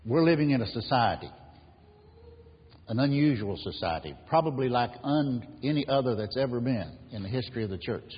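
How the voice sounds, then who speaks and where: A man's voice: medium pitch, expressive, brisk, husky. A man preaching an earnest sermon as pastor, building emphasis on key phrases. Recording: dull lo-fi sound in a reverberant hall.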